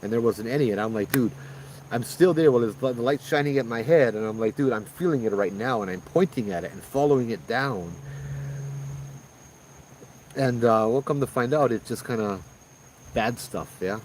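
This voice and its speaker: A man hosting a live stream outdoors at night, telling his own ghost stories in an excited, rambling way with lots of fillers. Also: mid-range voice, normal speed, long pauses, slight background noise, rough recording. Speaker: paranormal storyteller host. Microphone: phones streaming live.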